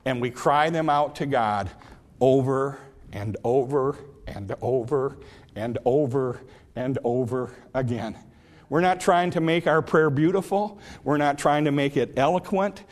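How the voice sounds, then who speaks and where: A male pastor preaching a sermon, retelling a parable with lively storytelling and repeated emphasis. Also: mid-range voice, unhurried. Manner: animated storytelling, repetitive emphasis.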